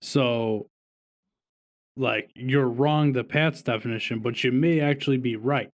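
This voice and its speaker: A man's voice: mid-range voice, unhurried. A man hosting a podcast in casual chat, teasing and arguing with his co-hosts. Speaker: podcast host.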